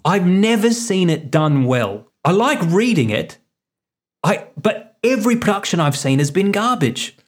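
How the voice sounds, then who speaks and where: A man telling stories in lively casual chat, swearing freely. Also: sits high, measured pace. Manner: animated, swearing, tells stories. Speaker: podcast co-host.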